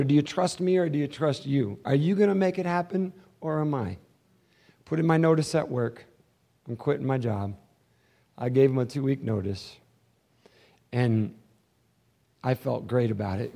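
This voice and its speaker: A man preaching a sermon as pastor, swinging between hushed, intimate passages and loud, fervent ones. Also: mid-range voice, vocal fry.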